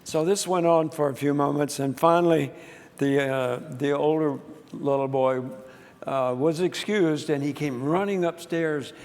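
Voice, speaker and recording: A man's voice: a little high, fairly even intonation, a little slow, darkish tone. A man preaching a sermon, telling a story with frequent restarts and fillers. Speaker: pastor. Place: church sanctuary. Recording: long church reverb.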